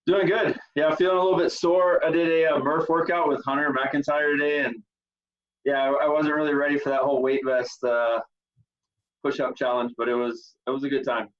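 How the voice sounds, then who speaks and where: A man answering interview questions over a video call, relaxed and rambling with plenty of fillers. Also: fairly high pitch, fairly quick, lo-fi sound. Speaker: guest athlete. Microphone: computer on a video call.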